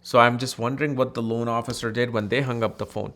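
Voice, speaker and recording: A man from India teaching astrology in a casual, animated, conversational way, acting out people in his anecdotes. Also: mid-range voice, quick pace.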